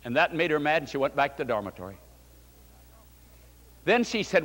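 Older preacher with a lively voice. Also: male voice, a little fast, pauses often. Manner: fervent preaching, voice swelling and dropping low. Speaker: pastor. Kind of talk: sermon storytelling. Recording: long hall reverb.

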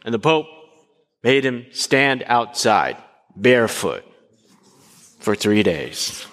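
In a long, reverberant hall, a pastor with a medium-pitched voice takes his sermon slowly. He stays animated throughout, questioning the congregation and performing short dialogues.

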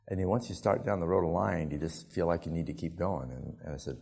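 A male preacher telling a story in a sermon, animated and often laughing as he talks. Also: deep voice, fast, gravelly, few pauses, husky.

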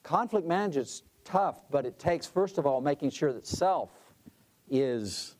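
A man's voice: fairly high pitch, animated, measured pace, darkish tone. Man telling a leadership story. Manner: conversational, with frequent restarts and asides. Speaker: conference president speaking on leadership.

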